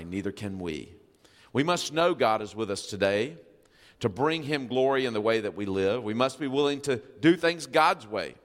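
A man's voice: medium pitch, a bit bright, long reverb tail. A male pastor preaching a sermon, reading scripture and asking the congregation questions with emphasis.

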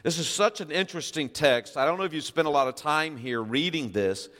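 A man's voice: fairly high pitch, brisk, a bit bright, long reverb tail. A male pastor preaching a sermon, reading scripture and asking the congregation questions with emphasis.

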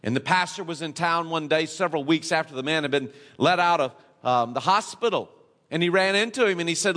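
A male pastor preaching a sermon, asking his listeners question after question and swinging between quiet, low stretches and emphatic peaks. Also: animated, moderate pace. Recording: long hall reverb.

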